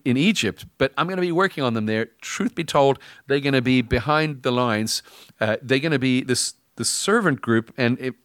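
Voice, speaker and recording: A middle-aged man delivers a sermon in a relaxed, conversational storytelling style, slipping into little acted-out lines of dialogue. His voice sits at an ordinary pitch for a man. It is recorded close up with a dry, unreverberant sound. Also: dry recording. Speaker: pastor.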